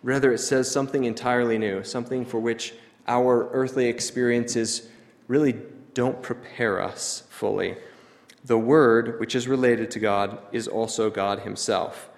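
A man delivers a teaching sermon at a middling pitch, measured and explanatory. He pauses to stress key phrases. A long hall reverb trails each line. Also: steady tone. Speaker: preacher.

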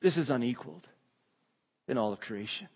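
A man's voice: mid-range voice, lively intonation, moderate pace, a little mellow, in a large hall. A man preaching an expository sermon, emphatic and repeating key phrases, his voice rising when he exclaims.

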